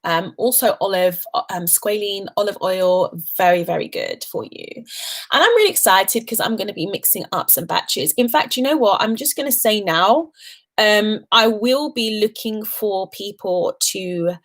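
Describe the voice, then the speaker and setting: A British woman hosting a casual hair care livestream, chatting to viewers with many ums and warm affection toward her audience. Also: mid-range voice, moderate pace. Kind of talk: casual live chat answering viewers. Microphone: webcam livestream.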